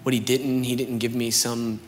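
A young man preaching and telling his own story in a casual, animated way, with lots of "like" and "you know". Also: mid-range voice, normal speed, big-room sound, a little hiss or hum. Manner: conversational, animated storytelling with many fillers. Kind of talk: sermon with personal testimony.

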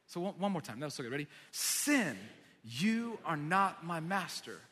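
High-voiced man preaching in a reverberant hall. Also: a little fast. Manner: energetic, emphatic, climbing to loud declarations. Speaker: pastor. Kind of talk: sermon. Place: church sanctuary.

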